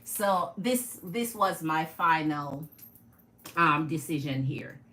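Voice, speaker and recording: A woman's voice: low-pitched, expressive, slow, bright, forceful tone, poor audio. A woman with a Jamaican accent hosting a live tarot stream, chatting with her viewers and greeting them by name.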